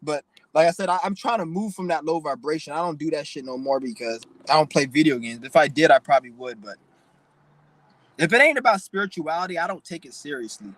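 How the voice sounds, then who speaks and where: A man's voice: a little high, animated, a little fast, fairly bright tone, dry recording, low-quality recording. A young man hosting his own channel, ranting bluntly and profanely in a preachy, emotional way. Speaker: channel host. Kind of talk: casual vlog rant.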